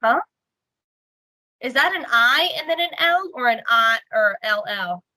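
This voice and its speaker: A woman's voice: on the high side, animated, unhurried, bright, forceful tone, dry recording, poor audio. A woman co-hosting a podcast, chatting casually and teasing the others. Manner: playful, teasing, laughs often. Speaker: podcast co-host. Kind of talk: casual chat.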